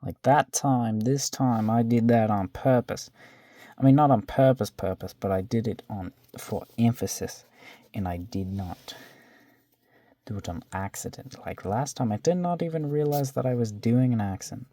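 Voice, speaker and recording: A man's voice: medium pitch, moderate pace, mellow. A man casually narrating to himself as he draws, self-deprecating and swearing now and then, often trailing off into a whisper. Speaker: drawing vlogger. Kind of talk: casual narration while sketching.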